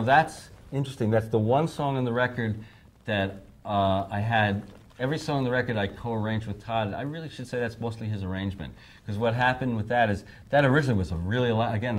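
Guy in his 50s spinning studio stories, jumps into high voices for quotes, laughs a lot. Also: quick pace. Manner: animated storyteller, acts out quotes in raised voices, laughs often. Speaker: songwriter interviewee. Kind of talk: anecdotal interview storytelling.

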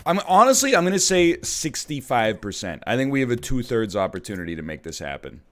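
A man in his thirties, co-hosting a casual stream chat over a voice call, excitable and quick to laugh. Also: fairly low pitch. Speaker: streamer co-host.

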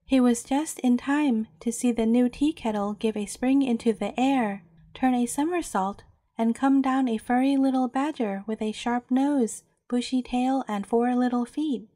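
A woman storyteller reading a bedtime fairy tale aloud in a gentle, measured way. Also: fairly high pitch, dry recording, clean studio sound.

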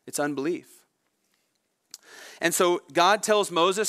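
A male pastor preaching a sermon, expressive, voicing the people in the story as he goes. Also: a little high, normal speed. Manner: expressive preaching with dramatic voiced quotes.

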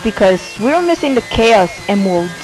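A woman's voice: mid-range voice, very animated, normal speed, a little mellow, soft background music. A young woman with a cold giving casual, swearing gameplay commentary from her bed, exasperated and rambling. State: sick, coughing. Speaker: gaming video creator. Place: bedroom.

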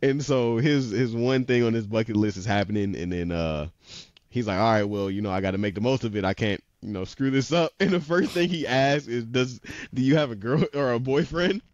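A man's voice: mid-range voice, fairly quick, a little mellow, dry recording, highs cut off. A man casually retelling an anime episode, rambling with lots of "he was like" quotes and frequent laughs. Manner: laughs often. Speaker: podcast co-host.

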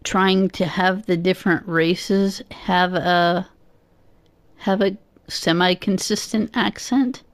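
A woman's voice: on the low side, fairly even intonation, slow pace, no echo. A woman on a casual podcast chat who talks thoughtfully and hesitantly, with many fillers. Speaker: podcast guest co-host.

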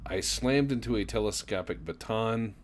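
A man giving casual gameplay commentary with wry, deadpan asides. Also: on the low side, normal speed, noisy background. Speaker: gamer.

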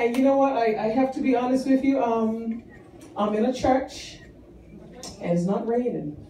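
Chatty woman comic in an echoey church hall. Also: fairly high pitch. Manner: chatty, self-mocking, drawn-out punchlines. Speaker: stand-up comedian. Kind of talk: stand-up comedy set. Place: church hall with live audience. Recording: echoey hall, taped from far off, audience laughter. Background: crowd laughing.

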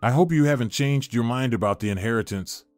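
A man's voice: mid-range voice, a little fast, a little mellow, no room sound, faint music behind, close to an everyday voice. Man reading as a cold scornful sister. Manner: cold and mocking, read plainly. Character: scornful young woman, greedy domineering sister.

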